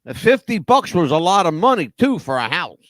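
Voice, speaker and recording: A man's voice: high-pitched, very animated, fairly quick, fairly bright tone, no echo, clean studio sound. A man hosting talk radio, telling a story dramatically with rhetorical questions. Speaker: radio host.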